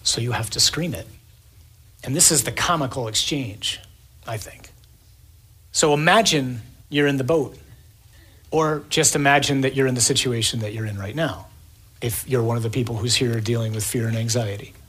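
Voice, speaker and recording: A man delivering an evening sermon in a husky, breathy voice. He talks with drama, stacking emphatic lists and acting out the scene for his listeners. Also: mid-range voice, normal speed, a bit bright. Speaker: preacher.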